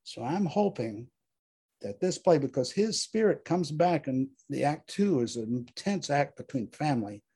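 Earnest, husky man reading a play. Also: fairly high pitch, expressive, normal speed, dark tone. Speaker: reader of a play. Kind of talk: dramatic reading with commentary.

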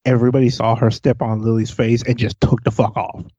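A man co-hosting a wrestling podcast, reacting with quick, profane banter. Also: medium pitch, little pitch movement, warm tone, husky, dry recording, dull audio. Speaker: podcast co-host. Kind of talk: casual wrestling chat.

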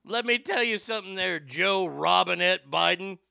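Sarcastic high-voiced male commentator. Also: animated, moderate pace, creaky, bright, forceful tone, clear, resonant tone, dry recording. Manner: sarcastic and profane, mocking. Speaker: host. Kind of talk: political commentary.

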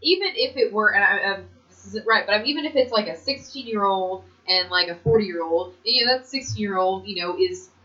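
A woman's voice: mid-range voice, a little fast, few pauses, bright, forceful tone. A woman co-hosting a casual chat, talking bluntly and heatedly, with plenty of fillers and restarts. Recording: dull lo-fi recording.

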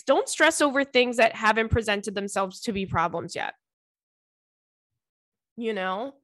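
A woman's voice: a little high, expressive, a little slow, pauses often, a bit bright, no echo, studio quality. Candid, chatty woman podcast host. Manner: candid, swears freely, chatty with fillers. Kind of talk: casual advice podcast.

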